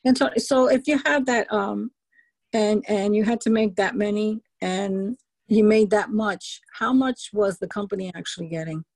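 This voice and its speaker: A woman's voice: mid-range voice, moderate pace, darkish tone, dry recording, low-quality recording. A woman with a New York accent asking questions and chatting in a team meeting. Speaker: meeting participant.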